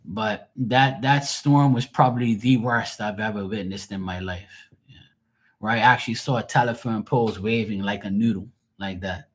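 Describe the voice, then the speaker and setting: A man's voice: on the low side, fairly even intonation, moderate pace. A middle-aged man with a Bermudian accent, a tarot reader rambling casually to his livestream viewers with plenty of profanity and frequent laughs.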